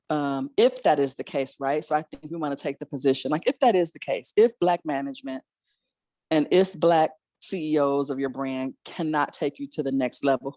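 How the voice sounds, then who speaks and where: A woman's voice: low-pitched, a little mellow, no room sound. A woman hosting a podcast, chatting reflectively and laughing between thoughts. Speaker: podcast host. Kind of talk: casual podcast discussion.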